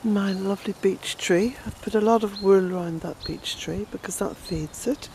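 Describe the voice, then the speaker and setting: An Irish woman chatting her way through a garden tour outdoors, fond and unhurried, with bursts of indignation. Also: medium pitch, darkish tone, slight background noise, poor audio. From Ireland. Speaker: smallholder and author giving a garden tour. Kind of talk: casual walking garden tour.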